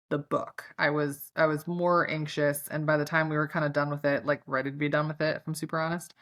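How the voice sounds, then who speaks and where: A woman's voice: sits low, a little fast, a bit bright. A woman with a Chicago accent, a podcast guest talking candidly and with self-deprecating humor, with many fillers. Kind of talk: casual interview chat.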